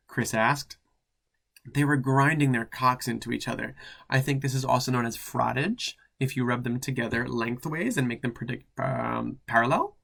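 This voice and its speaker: A man's voice: mid-range voice, moderate pace, creaky, a bit bright. Campy drag queen reading with sassy asides. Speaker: drag queen host reading fan fiction. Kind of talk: comedic reading with commentary.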